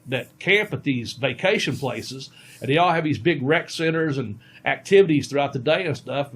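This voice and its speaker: A man's voice: medium pitch, fairly bright tone, husky. Rambling middle-aged male storyteller. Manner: rambling, many ums and restarts. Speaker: podcast co-host and veteran pro wrestler. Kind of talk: casual podcast storytelling.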